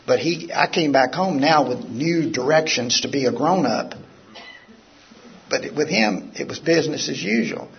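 Before a live audience in a meeting hall, an addiction recovery lecturer talks casually and with animation, using stories to explain his points. His gravelly, raspy voice sits on the high side and he's unhurried. The dull lo-fi live recording has slight background noise.

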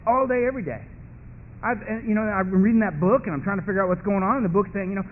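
A man's voice: high voice, animated, very fast. A man speaking at a recovery meeting, giving an earnest, colloquial personal testimony that drives its points home through repetition. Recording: tinny lo-fi phone-like recording with faint hiss.

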